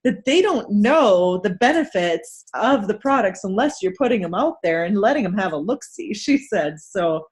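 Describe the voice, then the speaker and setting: A woman hosting a casual recap chat, telling a story in an animated way and acting out the people in it. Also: medium pitch, moderate pace, few pauses. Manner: animated storytelling, acts out quoted people, laughs often.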